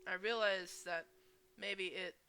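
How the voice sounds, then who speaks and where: A woman voicing an excitable, goofy teenage boy who rambles and hesitates in a game voice-over. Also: sits high, slow pace, slight background noise, full character voice. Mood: sheepish. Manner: rambling, hesitant, filler-heavy.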